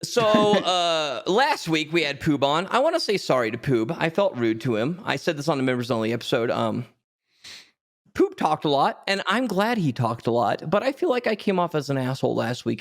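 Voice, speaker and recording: A man co-hosting a podcast, excitable and stumbling over his words in casual chat. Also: a little high, brisk. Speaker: podcast co-host.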